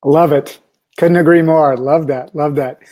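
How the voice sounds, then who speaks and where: Guy hosting an interview, fairly high voice, keeps going "love it" and agreeing. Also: steady tone, a little slow, dark tone. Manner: encouraging, short agreeing remarks. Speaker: podcast host.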